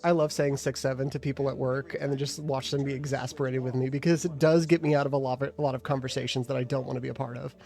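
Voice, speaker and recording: A young man in casual stream chat, joking, laughing often and acting out stories with animated quotes. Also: mid-range voice, fast talker, few pauses, faint music behind. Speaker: restaurant worker chatting on stream.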